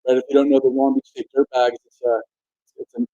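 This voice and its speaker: A man's voice: medium pitch, level tone, fairly quick, warm tone, no echo, muffled recording. A young adult man from the United States telling a personal story in a casual, earnest way, with frequent restarts and "like". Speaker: motivational speaker.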